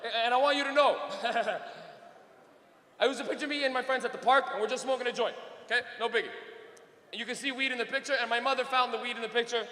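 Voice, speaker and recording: A man's voice: extremely high pitch, steady tone, fast, long pauses, bright, forceful tone. A young man doing a brash, profane stand-up comedy set on a club stage. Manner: brash, profane, laughing storyteller. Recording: echoey club with long reverb.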